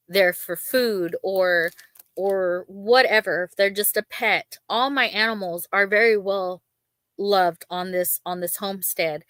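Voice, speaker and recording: Hosting a relaxed livestream, a woman talks in a smooth, fairly bright voice at medium pitch, with a dry recording. Her talk rambles with plenty of ums as she shares her feelings openly, emotional but chatty.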